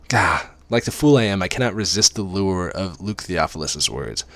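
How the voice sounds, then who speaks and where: A man reading a first-person romance story aloud with animated, dramatic emphasis. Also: sits low, brisk, few pauses, no echo. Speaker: reader.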